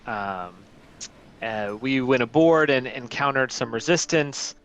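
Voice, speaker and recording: A man playing a tabletop game, speaking in character in a relaxed, hesitant way. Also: medium pitch, slow, smooth, muffled recording. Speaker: player. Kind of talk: in-character tabletop role-play.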